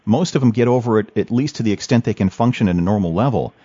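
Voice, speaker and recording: A man's voice: on the low side, fast, dark tone, slightly rough, no echo. A man hosting an interview who talks hesitantly, with many fillers and restarts. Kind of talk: casual interview chat. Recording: dull lo-fi recording.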